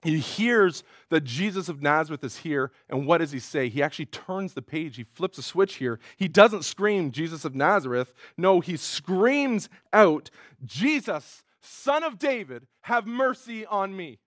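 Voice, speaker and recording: A male pastor preaching a sermon in an earnest way, rising in pitch and force when he quotes cries. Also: expressive, normal speed, hardly any pauses, a bit bright, no room sound, clean studio sound.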